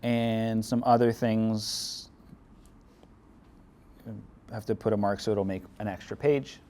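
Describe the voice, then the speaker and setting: Man, lowish voice, chemistry lecture, casual step-by-step explaining, dry humor. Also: fairly even intonation, slow pace, dark tone. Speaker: chemistry instructor. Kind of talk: classroom lecture.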